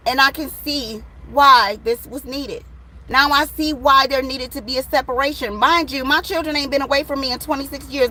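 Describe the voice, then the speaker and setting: A woman's voice: on the high side, fairly bright tone, slight background noise, rough recording. A woman, giving a casual tarot reading to camera and talking bluntly and animatedly straight to her viewers, swearing freely. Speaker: tarot reader.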